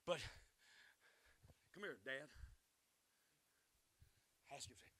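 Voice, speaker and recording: High, bright preacher man. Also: expressive, moderate pace. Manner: rises to shouting, calls for responses. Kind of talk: revival sermon. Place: church sanctuary.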